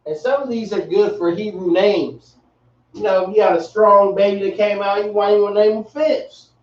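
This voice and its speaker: A man teaching a class in a relaxed, slangy way, repeating himself as he explains. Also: high voice, normal speed. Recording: echoey, distant, dull room sound.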